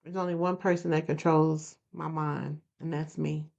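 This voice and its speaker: A woman's voice: low-pitched, level tone, moderate pace, gravelly, a little mellow. A woman hosting a podcast, talking earnestly to listeners and repeating phrases for emphasis. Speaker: podcast host. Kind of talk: motivational podcast talk. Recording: dull lo-fi recording.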